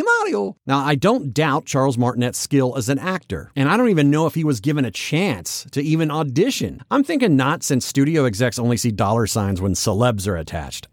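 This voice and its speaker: Animated male podcast host, dry mic. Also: medium pitch, dry recording. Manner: animated, chatty, jumps into quick character voices. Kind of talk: casual solo podcast commentary.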